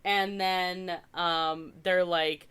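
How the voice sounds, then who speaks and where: A woman's voice: on the low side, fairly even intonation, very slow, a bit bright, clean tone. A woman from Canada co-hosting a podcast, chatting casually as she recaps a movie, with lots of "like" and wry asides. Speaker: podcast co-host.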